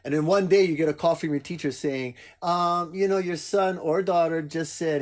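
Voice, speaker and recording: A man's voice: a little high, moderate pace, darkish tone. An older man hosting a podcast, chatting casually and animatedly, laughing often and acting out quotes. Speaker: podcast host. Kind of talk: casual chat.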